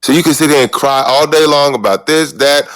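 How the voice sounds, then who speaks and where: A man co-hosting a podcast, arguing loudly and insistently in a heated debate. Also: a little high, fairly quick, no echo. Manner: loud, insistent, yelling. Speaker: podcast co-host.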